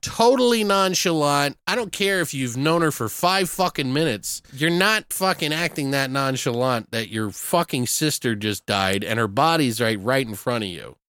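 A man's voice: mid-range voice, animated, moderate pace, few pauses, fairly bright tone, smooth, no echo, clean studio sound. A man co-hosting a podcast, casually recapping a movie in a loose, profane, laughing way. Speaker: podcast co-host.

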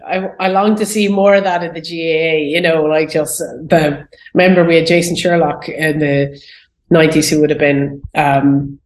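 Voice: medium pitch, level tone, moderate pace. A podcast co-host chatting casually, chiming in eagerly. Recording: roomy, echoey sound.

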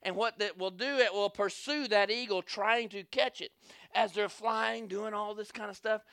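A man's voice: high-pitched, normal speed, smooth, dry recording, studio quality. A man preaching a sermon, telling a story and calling on the crowd for amens, acting out scenes as he goes. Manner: animated, calls for amens, acts out scenes.

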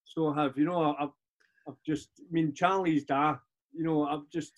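High-voiced Scottish man in his forties. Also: moderate pace, dull audio. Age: 40s. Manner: animated, swears freely, repeats words on restarts. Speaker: podcast guest. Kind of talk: casual storytelling chat.

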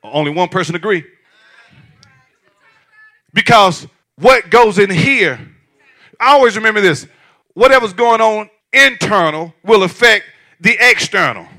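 A man preaching a sermon as pastor, lively and repetitive, with laughs and shouted emphasis. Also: high-pitched, a little slow, long pauses.

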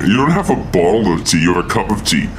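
A man's voice: deep voice, big pitch swings, fast talker, slight background noise. A man chatting playfully through a co-op game, silly and boastful. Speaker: gamer. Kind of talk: playful co-op gameplay chat.

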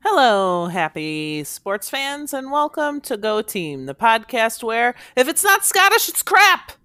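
Woman host, playful banter, animated delivery, dry close mic. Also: on the high side, unhurried, dry recording. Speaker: podcast host. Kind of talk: casual chat.

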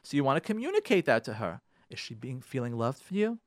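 A man, a rabbi on a radio show, urging his listeners in an impassioned talk, repeating his key points and swinging from loud pressing to soft pleading. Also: mid-range voice, very animated, fast, no echo, clean studio sound.

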